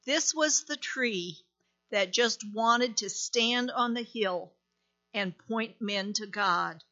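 A woman reading a story aloud in a gentle, deliberate manner with dramatic pauses. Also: fairly high pitch, lo-fi sound.

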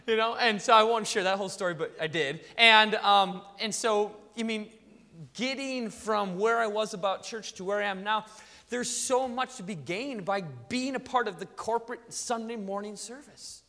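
A man, a pastor, giving a sermon in a conversational, animated, joking way in a church sanctuary. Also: high-pitched, normal speed, big-room sound.

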